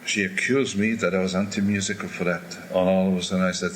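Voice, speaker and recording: Older male singer, lowish voice, candid storyteller acting out crowd noise; faint background hiss. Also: quick pace. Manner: animated storyteller who imitates crowd noises. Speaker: opera singer telling stories. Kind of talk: candid interview anecdotes.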